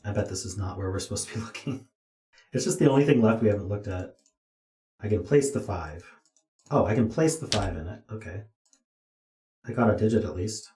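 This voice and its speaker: A man's voice: fairly low pitch, a little fast, pauses often, mellow. A tired man streaming himself as he thinks aloud through a puzzle, muttering to himself with dry asides. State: tired, yawning. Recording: roomy echo.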